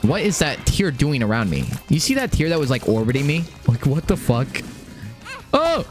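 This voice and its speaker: A young man giving casual live gameplay commentary, excitable and swearing often, repeating phrases under pressure. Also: medium pitch, brisk, faint music behind. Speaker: gaming streamer.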